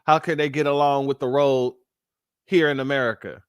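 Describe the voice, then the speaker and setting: A man's voice: mid-range voice, fairly even intonation, normal speed, smooth, no echo, clean studio sound. A man hosting a commentary show, speaking indignantly and calling his listeners family. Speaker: host.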